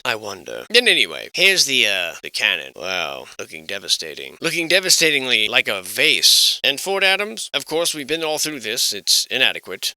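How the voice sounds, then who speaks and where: A man hosting a sardonic, profane commentary on old building survey documents, swinging between mock-grand pronouncements and hushed musing. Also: mid-range voice, dry recording. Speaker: host.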